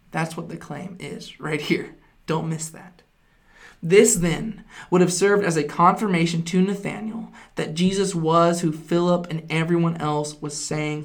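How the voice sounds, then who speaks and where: Bible teacher, earnest explaining, repeats key phrases, frequent "right?", mid-range pitch.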